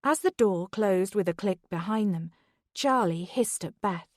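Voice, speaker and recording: A woman narrating a thriller audiobook in a measured, even way, close to the mic. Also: medium pitch, no room sound. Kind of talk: scripted narration.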